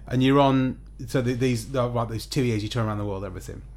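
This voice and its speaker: A man's voice: mid-range voice, quick pace, a little mellow. Rambling male podcast host. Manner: rambling, thinks aloud while framing questions. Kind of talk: casual interview questions.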